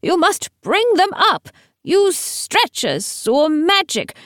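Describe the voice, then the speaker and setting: A woman voicing a frail, terrified old male teacher in an audiobook, pleading in a high, urgent voice. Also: lively intonation, moderate pace, a bit bright, no echo, studio quality. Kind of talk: audiobook character voice.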